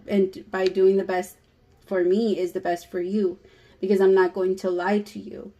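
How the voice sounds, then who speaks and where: A woman's voice: mid-range voice, flat delivery, moderate pace, dark tone, rough recording. Candid woman giving a casual tarot reading. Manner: candid, swears freely, talks straight to viewers. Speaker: tarot reader.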